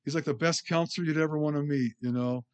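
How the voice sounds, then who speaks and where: A man preaching in a loose, conversational way. His voice sits a little high for a man. He stumbles, restarts words and talks to the congregation as if chatting with friends. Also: fairly even intonation, fast talker, clear, resonant tone. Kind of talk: informal sermon.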